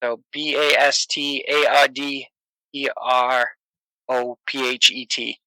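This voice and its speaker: Earnest man with a bright voice. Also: mid-range voice, little pitch movement, slow pace, smooth, no echo, poor audio. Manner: earnest, rambling with restarts. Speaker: podcast guest. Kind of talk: casual chat.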